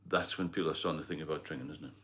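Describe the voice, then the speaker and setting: A middle-aged livestream host speaks very fast in a steady bass voice with a fairly bright tone. He's from Northeast England, carries a blended Geordie and London accent, and rambles casually as he replies to viewer comments.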